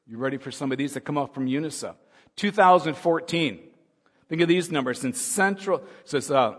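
A male pastor giving a sermon, swinging from soft musing to loud, urgent preaching. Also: mid-range voice. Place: church hall. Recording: long hall reverb.

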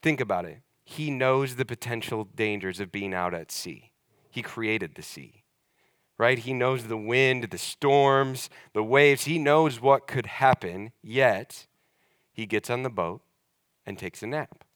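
Young guy pastor preaching, chatty but stresses words slow, dry close sound. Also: medium pitch, a bit bright, dry recording. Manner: conversational, emphatic with slow deliberate stresses. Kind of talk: sermon.

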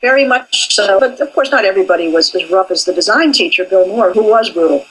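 A woman's voice: mid-range voice, brisk, a bit bright, husky, low-quality recording. An older woman, an animation professor, speaking candidly in an interview about her training. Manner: candid and forthright.

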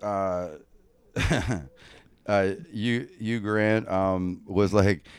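A young man co-hosting a podcast who tells a long anecdote in a casual, animated and profane way, full of fillers. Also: lowish voice, drawn-out words, clear, resonant tone. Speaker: podcast co-host. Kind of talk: casual storytelling.

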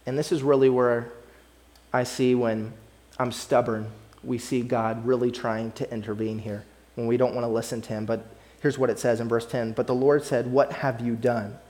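A man's voice: medium pitch, little pitch movement, normal speed, darkish tone. A man preaching a sermon in an earnest, conversational way, often repeating his phrases. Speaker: pastor.

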